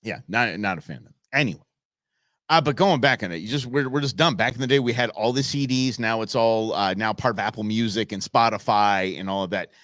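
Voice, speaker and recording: A man's voice: fairly low pitch, brisk, fairly bright tone, dry recording, studio quality. A middle-aged man from the Los Angeles area hosting a live show, ranting casually and answering his chat. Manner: opinionated, ranting, talks back to chat.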